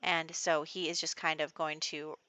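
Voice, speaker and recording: A woman's voice: deep voice, little pitch movement, moderate pace, bright, forceful tone, dry recording. A woman narrating a life-simulation game in a casual, chatty way, full of "like" and "you know". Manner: chatty, filler-heavy storytelling. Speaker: gameplay narrator. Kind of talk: casual let's play commentary.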